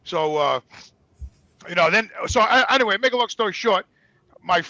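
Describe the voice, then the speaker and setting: A man's voice: sits high, normal speed, no echo, dull audio. An older man in his sixties with a New York accent, telling blunt, profane stories from his life as a talk show guest. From New York, USA. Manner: blunt, profane, animated retelling. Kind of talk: casual storytelling.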